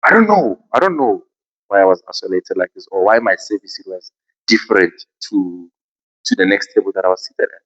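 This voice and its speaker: Animated South African man telling a story. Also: low voice, brisk, highs cut off. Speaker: podcast host. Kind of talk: casual podcast storytelling.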